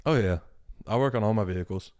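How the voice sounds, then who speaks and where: A man's voice: on the low side, fast talker, darkish tone. A young man with a Southern country accent, chatting easygoingly as a podcast guest. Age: young adult. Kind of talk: casual chat.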